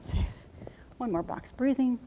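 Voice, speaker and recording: A woman's voice: fairly high pitch, a little slow, a little hiss or hum. Soothing woman trainer in a reverberant hall. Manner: soothing, repeats reassurances in a steady chant. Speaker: trauma therapy trainer. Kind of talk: instructional demonstration. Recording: long reverb.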